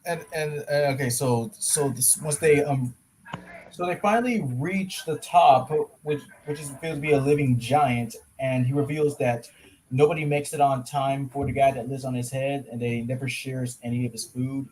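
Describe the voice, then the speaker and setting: A man on a casual chat stream, retelling a cartoon episode in an animated, rambling way. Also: medium pitch, moderate pace, slight background noise, rough recording. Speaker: co-host.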